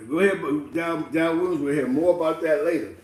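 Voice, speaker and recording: A man telling a street story in slangy, animated casual talk, laughing and acting out the people in it. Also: fairly high pitch, fairly quick. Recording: roomy echo, distant mic, faint ambience.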